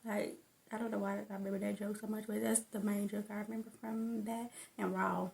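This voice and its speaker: Gravelly rambling woman chatting casually. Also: mid-range voice, flat delivery, brisk, a little mellow. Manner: rambling, tangent-prone, laughs often. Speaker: vlogger. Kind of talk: casual chat about stand-up comedy.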